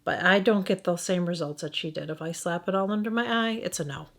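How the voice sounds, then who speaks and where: A woman's voice: on the low side, a little fast, gravelly. A middle-aged woman with a Midwestern accent giving a casual makeup review, thinking aloud and often restarting her sentences. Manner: thinking aloud, hesitant, frequent restarts and self-corrections. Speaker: beauty vlogger.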